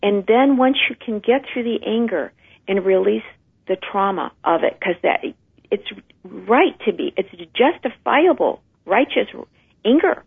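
A woman's voice: medium pitch, expressive, measured pace, vocal fry, slightly rough. A woman guest explaining how trauma passes down through generations, in an earnest, emphatic way. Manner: earnest, emphatic, acts out inner voices. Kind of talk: conversational explanation. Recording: tinny phone line.

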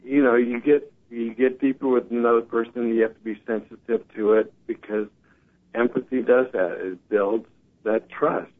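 A man of middling pitch tells his stories with earnest passion, often slipping into the voices of the people he quotes. His voice comes through a tinny phone line that strips away its body. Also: normal speed. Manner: earnest, animated storytelling, quotes others. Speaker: guest. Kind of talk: casual talk show conversation.

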